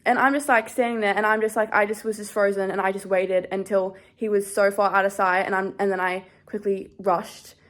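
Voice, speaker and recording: A young woman talks straight to camera, still shaken and scared as she recounts what happened. She rambles, filling every pause with "like". Her voice sits at an ordinary middle pitch. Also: steady tone, fairly bright tone. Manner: shaken, rambling, heavy use of "like". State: shaky and scared. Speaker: vlogger. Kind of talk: casual storytime chat.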